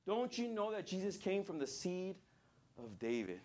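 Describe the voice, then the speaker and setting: A man's voice: high voice, big pitch swings, normal speed, darkish tone. A man preaching a sermon with passion, telling stories and acting out what people said. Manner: passionate, storytelling with acted-out quotes.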